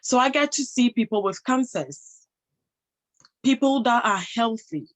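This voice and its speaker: A woman's voice: on the high side, animated, measured pace, poor audio. A woman giving a motivational talk to an audience, emphatic, posing rhetorical questions and answering them herself. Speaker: motivational speaker and health professional.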